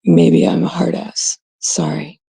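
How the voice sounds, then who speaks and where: Woman from Canada, gravelly husky voice, blunt exasperated live-stream rant, curses freely. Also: low voice, little pitch movement, slow, mellow, dry recording. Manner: blunt, exasperated, swears freely, quotes others mockingly. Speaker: livestream host.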